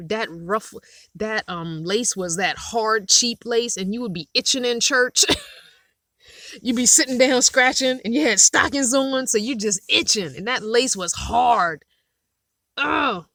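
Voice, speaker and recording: A middle-aged woman vlogger, medium in pitch, hosts a casual live chat from her van. Her storytelling is animated and punctuated by frequent laughter, captured in studio-quality sound with no room echo.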